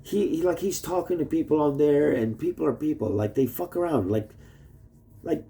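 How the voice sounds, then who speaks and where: In a mellow, slightly high voice at normal speed, a man rambles to his wife in a video message, cursing and flitting between topics. The vlogger is indoors in a shared home while roommates sleep.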